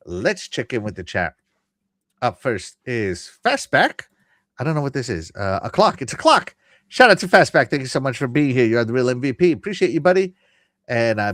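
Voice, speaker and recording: A man's voice: a little high, fairly bright tone, no echo, clean studio sound. A man hosting a podcast, casually chatting and reading chat messages aloud with frequent laughter. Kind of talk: casual live-stream chat.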